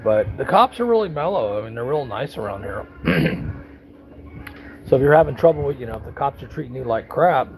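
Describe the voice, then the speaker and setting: A man's voice: medium pitch, very animated, brisk, rough recording. An American man in his fifties or sixties, telling stories in a blunt, folksy, sometimes profane way as a vlogger at home. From United States. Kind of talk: casual storytelling monologue.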